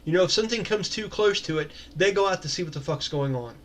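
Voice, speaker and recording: Slightly high-voiced male game master. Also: fast talker. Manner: descriptive, relaxed, casual swearing. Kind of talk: narrating a tabletop game.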